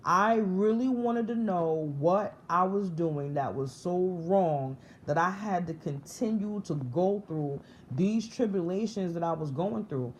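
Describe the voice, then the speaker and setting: A woman in her thirties tells her spiritual awakening story to the camera in a vlog, earnest and emotional, often restarting and repeating herself. Her voice is on the low side and unhurried, with few pauses. There's a little hiss or hum.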